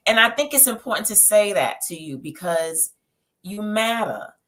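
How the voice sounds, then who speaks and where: A woman's voice: mid-range voice, expressive, moderate pace, fairly bright tone, low-quality recording. A woman therapist on a panel, speaking directly and emphatically. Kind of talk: panel discussion.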